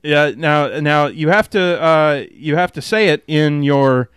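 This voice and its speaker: A man hosting a podcast in casual chat, often laughing and filling pauses with "uh". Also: fairly high pitch, fairly bright tone, clear, resonant tone, dry recording, studio quality. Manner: giggly, filler-heavy. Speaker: podcast host.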